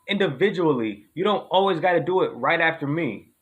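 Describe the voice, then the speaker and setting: A man's voice: fairly high pitch, expressive, fairly quick, a bit bright. A man performing a comedy sketch dialogue, trading slangy, profane street banter.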